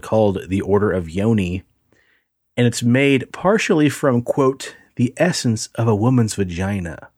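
A man with a fairly low voice co-hosts a casual podcast, spinning loose, profane anecdotes full of ums and likes. The sound is dry and close, with no room around it. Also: a little mellow, no room sound. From United States. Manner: profane, rambling anecdotes with filler words. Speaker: podcast co-host. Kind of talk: casual storytelling chat.

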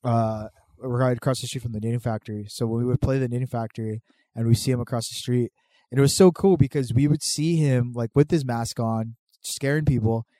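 A man tells a prank story in relaxed chat, switching voices as he plays each person in it. His pitch jumps around, and the close microphone leaves almost no room sound. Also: fairly quick, no room sound. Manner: animated storyteller acting out both sides of a prank. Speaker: podcast guest telling stories. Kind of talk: casual chat.

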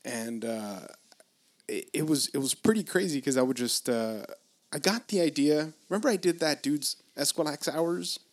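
A man's voice: fairly high pitch, expressive, normal speed. Man, from Los Angeles, casual podcast chat, rambling, swears, laughs a lot.

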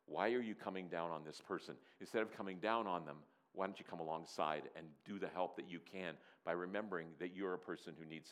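A man preaching a sermon, animated and playful, who acts out scenes and sometimes drops to a soft, earnest tone. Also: low-pitched. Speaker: pastor.

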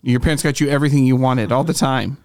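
A man's voice: mid-range voice, steady tone, fast talker, crowd noise. A man hosting a podcast in a studio, chatting casually and playfully, telling stories with little acted quotes. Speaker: podcast host. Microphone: studio microphone.

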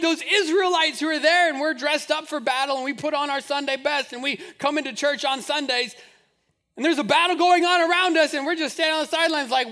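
A male pastor delivers a sermon, joking in a chatty way before building to fervent, repeated appeals. His voice is very high for a man, with a bright and forceful tone. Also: fairly even intonation, brisk, big-room sound. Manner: conversational, humorous, building to fervent repetition.

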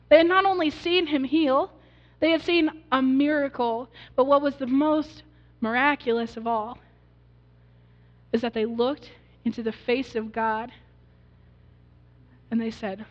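A woman pastor preaches earnestly, telling the story and pulling the congregation in with questions. Her voice sits high. The recording is dull and muffled, with a long reverb from a church sanctuary. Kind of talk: sermon.

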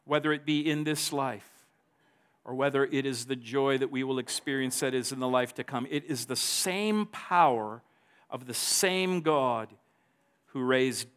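A man's voice: mid-range voice, a little slow, a bit bright, clean tone. A man preaching a sermon, reading scripture aloud with emphasis and stumbling over restarts now and then. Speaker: pastor.

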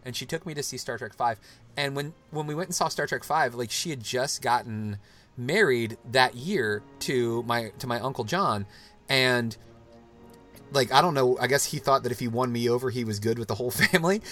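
A man's voice: mid-range voice, normal speed, pushed and bright, soft background music. A man in his thirties hosting a casual chat, talking loosely with lots of "like" and restarts. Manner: rambling, loose, full of "like" and restarts. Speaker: podcast host.

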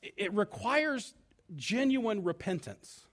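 A middle-aged man preaching with a fairly high voice that leaps and swoops through a wide range. He drives his points home emphatically and slips into acted quotes as he goes. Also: very animated, slow. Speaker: pastor. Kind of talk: sermon.

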